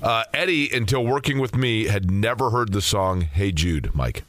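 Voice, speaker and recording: A man's voice: on the low side, animated, moderate pace, a bit bright, no room sound. A man co-hosting a radio show in a studio, chatting casually and enthusiastically. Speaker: radio co-host.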